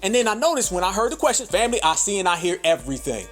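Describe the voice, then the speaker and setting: A man with a high-pitched voice rants on his podcast, cursing freely and hammering every point. He keeps calling his listeners family, and faint music sits behind him. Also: very animated, rapid-fire. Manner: profane, emphatic, addresses listeners as family. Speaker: podcast host. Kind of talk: ranting commentary.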